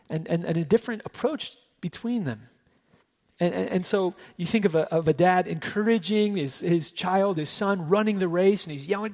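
A man preaching a sermon as pastor, shifting between soft hushed passages and raised emphatic ones, often repeating words as he restarts. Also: a little high, long reverb tail. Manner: frequent word repeats and restarts.

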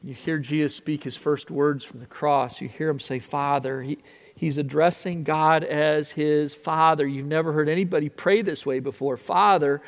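A man preaching a sermon that retells a story in the second person, earnest and swinging from hushed passages to impassioned ones. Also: a little high, fairly even intonation, moderate pace. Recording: long hall reverb.

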